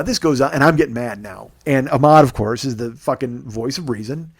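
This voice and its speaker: A man in his forties, a comedian and podcast host, telling a story in an animated, profane, sarcastic way. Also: mid-range voice, fairly quick, few pauses, slightly rough. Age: 40s.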